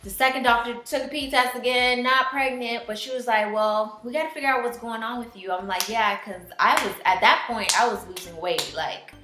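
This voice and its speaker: A woman in her twenties from Florida, telling a personal story to viewers in an animated, chatty way. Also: on the high side, fairly quick, hardly any pauses. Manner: animated, addresses viewers as y'all. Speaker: vlogger. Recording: roomy echo with faint music.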